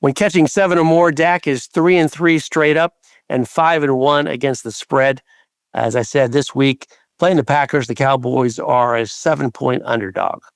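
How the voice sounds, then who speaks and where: A man co-hosting a sports betting podcast, briskly reading through trends and numbers with the odd filler. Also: medium pitch, steady tone, clean tone, no room sound. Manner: brisk, numbers-heavy delivery with filler uhs. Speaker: podcast co-host.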